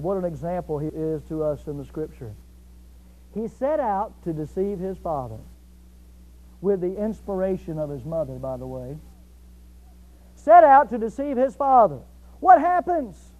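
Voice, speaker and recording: A man preaching a sermon emphatically, repeating key phrases and swinging between loud stress and quiet asides. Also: high voice. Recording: dull lo-fi recording.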